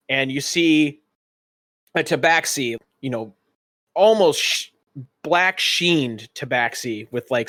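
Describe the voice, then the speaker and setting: A man's voice: mid-range voice, a bit bright, dry recording, studio quality. A man narrating as game master of a tabletop game, describing scenes in a rambling way with many fillers.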